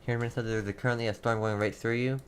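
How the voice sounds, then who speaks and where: A young man hosting live storm coverage, reading out town after town and answering chat, halting and repeating himself. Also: medium pitch, fairly even intonation, a little hiss or hum. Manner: rapid town-by-town updates, halting and repetitive. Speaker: livestream weather host.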